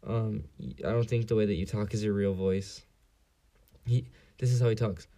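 A man's voice: on the low side, steady tone, moderate pace, mellow. A young man in his late teens from San Diego, hosting a solo podcast in a casual, rambling and profane way with lots of fillers. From San Diego area, US. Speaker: podcast host.

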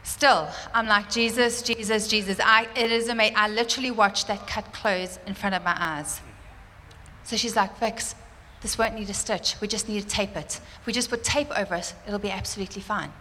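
Woman, bright voice, fervent church testimony, long hall reverb, faint ambience. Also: medium pitch, moderate pace, a little hiss or hum. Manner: animated storytelling, fervent, laughs often. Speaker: church speaker sharing a testimony. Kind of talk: sermon testimony.

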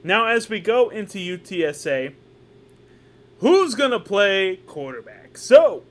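A man co-hosting a casual sports podcast, animated and joking, often repeating himself. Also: sits high, a little slow. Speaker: podcast co-host. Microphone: podcast microphone.

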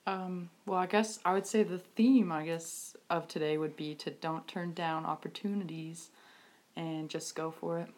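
A woman from Utah, a podcast guest, answering quietly and briefly in casual chat. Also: on the low side, steady tone, measured pace.

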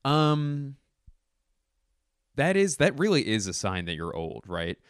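A man's voice: mid-range voice, big pitch swings, slow, clear, resonant tone, no room sound, studio quality. A man hosting a solo podcast from home, rambling, jokey and self-deprecating into a podcast microphone. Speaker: podcast host. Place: home room.

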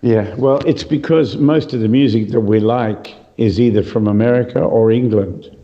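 A middle-aged Australian guitarist, slightly hoarse, chatting in a relaxed, rambling way with many fillers. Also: male voice, lowish voice, normal speed, highs cut off. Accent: mild Australian. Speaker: guitarist guest. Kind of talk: casual interview chat, remote.

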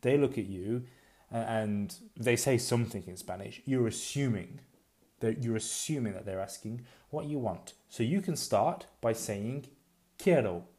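A man teaching a recorded language lesson, drilling words slowly and repeating them, chatty and a little self-deprecating. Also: medium pitch, mellow. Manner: slow, repetitive drilling with pauses for practice.

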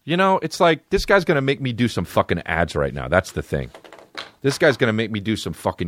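A man's voice: lowish voice, big pitch swings, fairly quick, noisy background. A man hosting a podcast, telling a rambling, profane comic story and reading ads. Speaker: podcast host. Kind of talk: comedic storytelling and ad reads.

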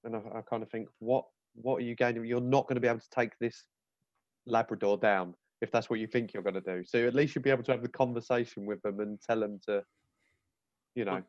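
A man's voice: mid-range voice, steady tone, fast, a little mellow, no room sound, highs cut off. A man in his thirties, a guest on a casual podcast, talking in a thoughtful, easygoing way.

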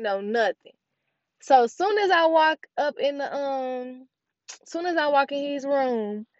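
A woman's voice: on the high side, no room sound. A young woman telling a personal story in a casual, emotional way and talking straight to her viewers. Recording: dull, dry recording.

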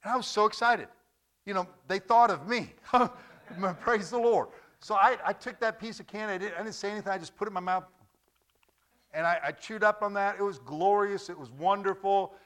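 A man preaching a sermon as pastor, with lively, repetitive delivery and joking stories. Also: sits high, a little fast.

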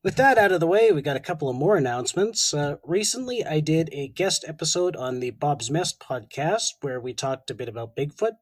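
A man's voice: a little high, expressive, fairly quick, hardly any pauses, dry recording, poor audio. A Canadian man co-hosting a podcast, chatting casually, joking and laughing easily. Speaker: podcast co-host.

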